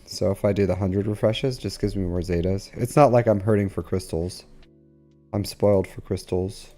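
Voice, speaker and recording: A man's voice: sits low, fairly even intonation, normal speed, mellow, soft background music. A man streaming a game live, chatting casually with viewers in a rambling way full of fillers. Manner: rambling, filler-heavy, talks to chat.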